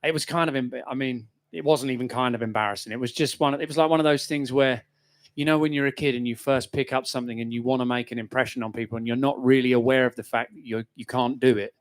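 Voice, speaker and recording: A man's voice: mid-range voice, fairly even intonation, fast. A man musician joking casually on air during a live radio session, rambling and self-deprecating.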